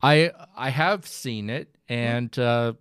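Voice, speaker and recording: A man's voice: medium pitch, takes it slowly, a bit bright, clean tone, no room sound. A man co-hosting a podcast in casual chat, laid-back, mostly giving short agreeing replies. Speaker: podcast co-host.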